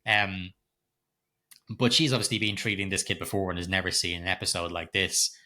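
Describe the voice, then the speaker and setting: A middle-aged man, co-hosting a podcast and retelling a film scene in animated, laugh-filled detail, swearing freely. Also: deep voice, brisk. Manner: animated storytelling, heavy swearing, frequent laughter. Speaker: podcast co-host. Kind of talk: casual film-recap chat.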